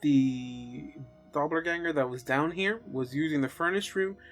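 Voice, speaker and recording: A man acting as game master, narrating a tabletop game in a relaxed, halting way with many fillers. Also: fairly high pitch, soft background music.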